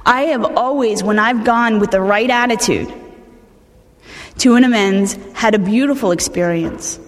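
With a fairly high voice at normal speed, a woman tells her personal recovery story openly and conversationally, often starting sentences over. The long reverb of a big hall surrounds her words.

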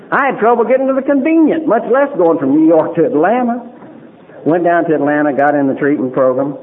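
A man giving a personal testimony at a recovery meeting, a folksy storyteller who acts out what people said. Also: medium pitch. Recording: tinny lo-fi recording with faint hiss.

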